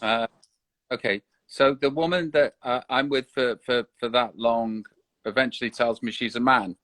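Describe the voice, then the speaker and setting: A man chats casually on a live online stream. He hesitates and restarts his sentences often. His voice sits at a middling pitch, and the sound is dry and close. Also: steady tone, moderate pace, a bit bright, no room sound. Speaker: guest. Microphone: online live video call.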